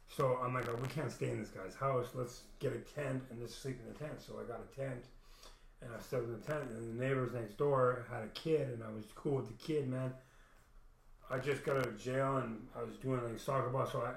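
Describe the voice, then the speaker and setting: A young man casually telling a long personal story, rambling with many restarts and frequent swearing. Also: mid-range voice. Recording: roomy echo.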